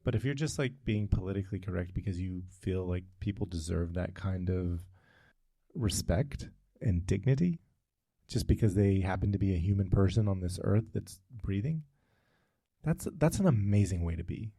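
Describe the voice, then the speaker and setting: Low-voiced man rambling on a podcast. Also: expressive, normal speed, creaky, warm tone, husky, no echo, clean studio sound. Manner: rambling, goes off on tangents, many fillers. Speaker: podcast co-host. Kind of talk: casual conversational podcast.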